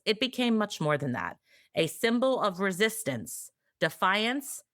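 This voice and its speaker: A woman co-hosting a podcast, telling history in a casual, sarcastic, animated way. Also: lowish voice, no echo, clean studio sound. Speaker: podcast co-host.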